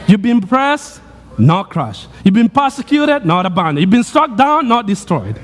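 A man's voice: sits high, sing-song, unhurried, long reverb tail. A male pastor preaching a sermon, repeating phrases with rising fervor.

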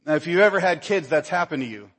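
A man's voice: expressive, fast talker, a bit bright, big-room sound. A man preaching a sermon in a conversational way, acting out the dialogue of the story he tells. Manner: conversational preaching, acts out Bible dialogue, rises in pitch when stirred. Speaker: pastor.

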